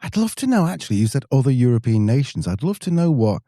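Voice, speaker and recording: Lively, teasing English man. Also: medium pitch, fast talker, no echo, clean studio sound. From England. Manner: jokey, teasing. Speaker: podcast host. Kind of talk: casual chat.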